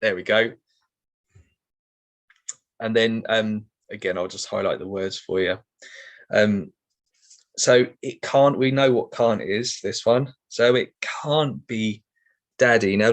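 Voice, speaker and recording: A middle-aged man teaching sign language in an online session, explaining each step patiently with many ums and okays. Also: fairly low pitch.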